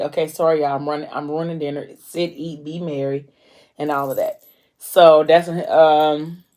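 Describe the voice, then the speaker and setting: A woman's voice: low voice, darkish tone. A woman with casually retelling a novel's plot, filling her talk with ums and briefly acting out the characters' lines. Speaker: book vlogger recapping a novel. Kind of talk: casual book recap.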